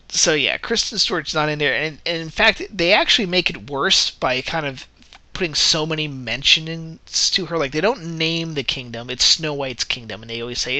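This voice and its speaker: A man's voice: a little high, bright, forceful tone, no echo. A man giving a casual spoken movie review, rambling and correcting himself as he goes, often breaking into laughter. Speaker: film reviewer.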